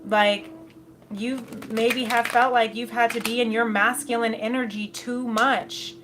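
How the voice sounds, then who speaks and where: A woman's voice: fairly high pitch, little pitch movement, unhurried, background noise. A woman giving a casual tarot reading, chatty, laughing often and slipping into quoted asides. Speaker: tarot reader.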